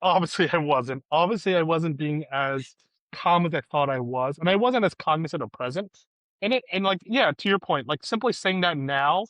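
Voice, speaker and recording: Reflective man with a higher voice. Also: moderate pace, a bit bright, dry recording. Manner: reflective, thinking aloud with "like". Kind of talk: casual chat.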